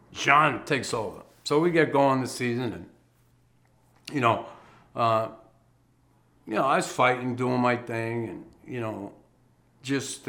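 A man with a gravelly, rough-edged voice tells stories from his playing days in a loose, casual monologue. He is blunt and salty, swears freely, and chuckles between lines. His voice sits at a middle pitch for a man. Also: pushed and bright. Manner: blunt, profane, chuckles while telling stories. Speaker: former pro hockey player telling his life story.

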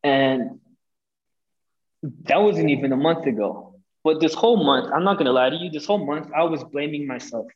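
Young male podcast guest, lively storyteller, highish voice, dull lo-fi sound. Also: normal speed. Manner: animated, swearing, acts out quotes. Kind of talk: casual storytelling. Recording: dull lo-fi audio.

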